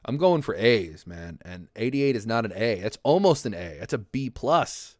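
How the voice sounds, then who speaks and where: Lively low-voiced man ranting. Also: normal speed, no room sound, clean studio sound. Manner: rambling, profane, laughs often, talks back to chat. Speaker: streamer reading chat. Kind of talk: casual livestream rant.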